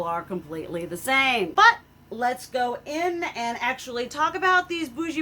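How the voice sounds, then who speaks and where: A woman's voice: fairly high pitch, sharp tone, slight background noise. A woman, chatting casually to camera as a beauty vlogger, rambling and emphatic with lots of filler words. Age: 30s. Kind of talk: casual product chat to camera.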